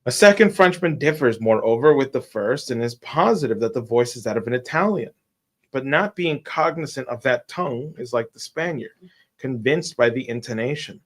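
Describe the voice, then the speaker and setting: A man's voice: mid-range voice, expressive, moderate pace. A man reading a classic detective story aloud on a casual live stream, taking a detective's long speech, stumbling now and then and restarting words.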